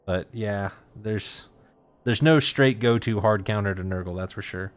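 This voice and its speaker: A man hosts a casual esports talk show in a somewhat low voice. He talks in a laid-back way and fills his pauses with uh and um. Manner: lots of uh and um fillers, laid-back. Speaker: host.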